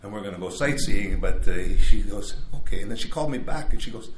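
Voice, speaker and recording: A man's voice: fairly low pitch, animated, fast talker, a little hiss or hum. Rambling older man in an echoey room. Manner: rambling, self-interrupting, wry asides. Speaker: speaker at a recovery meeting. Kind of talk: casual storytelling talk. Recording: echoey room, faint background.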